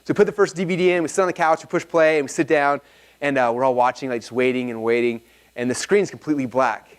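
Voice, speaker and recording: Man, seminar speaker, very quick delivery, animated and chatty, live audience room. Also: mid-range voice, clean tone. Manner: energetic, animated storyteller, often checks in with the audience. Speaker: workshop speaker. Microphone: filmed talk.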